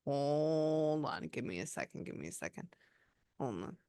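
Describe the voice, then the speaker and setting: A woman's voice: low-pitched, expressive, normal speed, warm tone, smooth, no echo, clean studio sound. A woman working as a psychic medium, talking casually and often breaking off to listen before passing on what she hears. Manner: breaks off to listen, relays quotes. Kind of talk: psychic reading session, casual chat.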